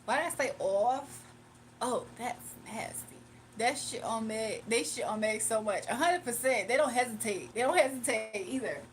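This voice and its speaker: Chatting casually with her stream viewers, a young woman laughs frequently, uses plenty of slang, and reads the chat aloud as host. Her fairly high voice has lively intonation, moving at a moderate pace with few pauses, and there's a slight hiss or hum.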